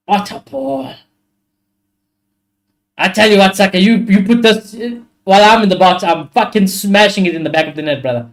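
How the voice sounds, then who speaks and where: A young man with a high voice hosts a live football watchalong. He reacts excitably to the play and swears freely. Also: quick pace, few pauses. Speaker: watchalong host.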